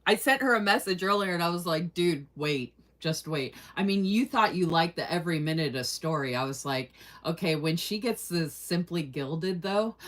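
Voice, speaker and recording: A woman's voice: on the low side, animated, moderate pace, few pauses, a bit bright. Chatty woman hosting a livestream. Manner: chatty, reads viewer comments aloud, laughs often. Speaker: livestream host. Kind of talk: casual livestream chat.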